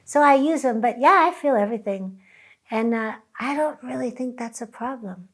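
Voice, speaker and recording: A woman who teaches chanting, talking reflectively and softly, now and then breaking into chant. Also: a little high, moderate pace. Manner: soft-spoken, breaks into sung chant.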